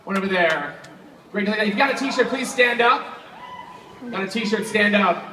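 Young guy magician hyping up a live crowd, high voice, kinda far off in an echoey hall. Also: a little slow, a little hiss or hum. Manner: energetic, hyping the crowd, filler "like". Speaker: stage magician. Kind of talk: live stage show patter. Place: live show venue with audience. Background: audience.

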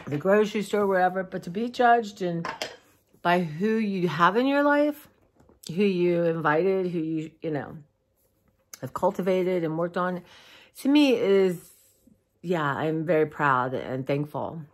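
A tired woman, talking heartfelt and rambling to her followers in a casual vlog, clearing her throat now and then. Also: fairly low pitch, animated, measured pace. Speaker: vlogger. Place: dim room at home.

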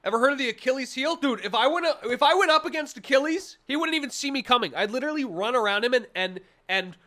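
A man's voice: very high-pitched, lively intonation, quick pace, bright, forceful tone. A young man streaming, chatting casually with his live chat in a rambling, jokey way, full of restarts and mock-serious asides.

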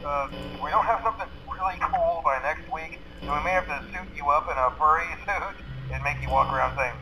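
Man playing a laid-back manager, rambling, chuckling, highish voice, noisy recorded message. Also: a little fast, lightly acted. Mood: easygoing. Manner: rambling, chuckling, filler-heavy. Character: laid-back male attraction manager on tape. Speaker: recorded phone message from a boss.

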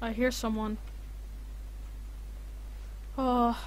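A woman's voice: fairly high pitch, fairly even intonation, slow pace, long pauses, darkish tone, a little hiss or hum. A woman playing a horror game, panicking, swearing and muttering to herself as she goes. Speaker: gaming streamer. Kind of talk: horror game let's play commentary.

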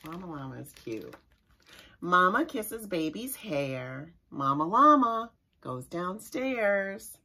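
A woman, a children's librarian, reads a picture book aloud to young children in an expressive, sing-song way and stops now and then to explain words. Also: on the low side, slow pace, a little hiss or hum. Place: library story time recorded for online viewing.

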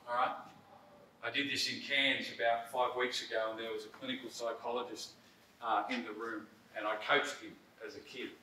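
A middle-aged man runs a coaching workshop in a presentation room, speaking conversationally and emphatically and often checking in with "right?". His medium-pitched voice moves little in pitch, comes at a normal speed, and sounds pushed and bright. It was recorded in a roomy hall with a distant mic and faint noise.

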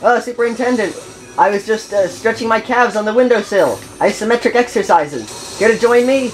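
A woman's voice: on the high side, normal speed, soft background music, natural voice, poor audio. A woman playing a flustered middle-aged male school principal, stammering through excuses.

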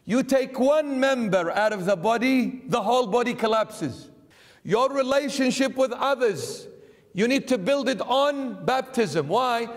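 A man's voice: high voice, in a large hall. A man giving a sermon as a bishop, emphatic and full of rhetorical questions. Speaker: bishop preaching. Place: church.

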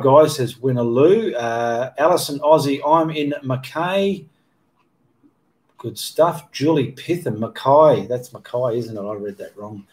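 A man with a mid-range, slightly mellow voice runs a casual livestream Q&A on his painting channel. He reads viewers' comments aloud and rambles through his answers, correcting himself mid-sentence.

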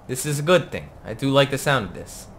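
A man giving casual gameplay commentary in a profane, excitable and joking way. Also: medium pitch, fairly quick, slight background noise.

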